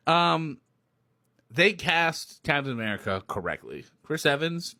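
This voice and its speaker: Young guy rambling about movies, kinda high voice, laughs a lot, super dry recording. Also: slow, pauses often, no echo. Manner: excitable, rambling, laughs often. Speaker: movie reviewer. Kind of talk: casual rambling rant. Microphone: recorded on phone or camera, self-filmed.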